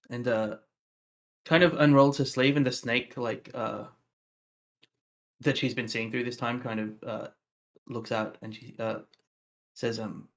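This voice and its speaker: A man plays a tabletop fantasy game and talks through his moves in a casual way. His voice has a gravelly texture. He often thinks aloud as he speaks. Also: medium pitch, fairly even intonation, slow, pauses often. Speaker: player.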